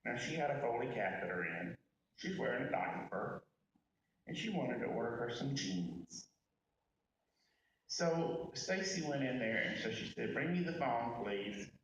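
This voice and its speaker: A man's voice: mid-range voice, animated, a little slow, long pauses, fairly bright tone, a little hiss or hum. A man giving a personal eulogy, telling candid and humorous stories and speaking straight to the mourners at a memorial service. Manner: folksy and candid, addressing the crowd directly. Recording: echoey room from far off.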